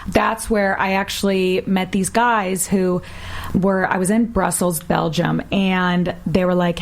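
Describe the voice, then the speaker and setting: Low gravelly woman telling her story. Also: steady tone, slow pace. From Minnesota, US. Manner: candid, casual, peppered with "you know". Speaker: interview guest. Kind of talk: personal storytelling in an interview.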